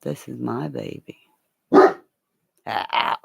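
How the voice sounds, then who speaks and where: Woman vlogger, slow, gravelly, profane rambling chat with her pets. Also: extremely low pitch, fairly even intonation.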